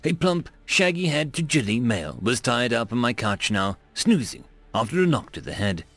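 A man reading a story aloud as the narrator, in an expressive, dramatic manner. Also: medium pitch, normal speed, dry recording.

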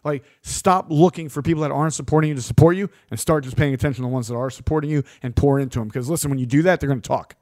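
A man's voice: medium pitch, rapid-fire, few pauses, a little mellow, no room sound, clean studio sound. A man talking in a casual motivational monologue as a podcast host, rambling and repeating himself, often asking "right?".

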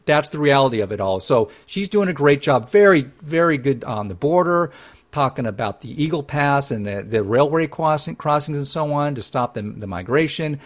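Male co-host, higher-pitched voice, chatty, laughs often, casual political talk. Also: animated, normal speed. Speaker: podcast co-host.

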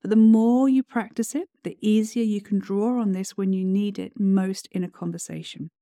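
A woman giving calm, encouraging, instructive advice as the host of a solo podcast. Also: medium pitch, moderate pace, dry recording, studio quality. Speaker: communication coach and podcast host.

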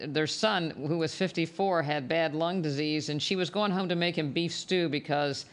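A man, a doctor hosting an interview, talking in a halting way with many restarts. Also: on the high side, fairly bright tone. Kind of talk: casual interview chat.

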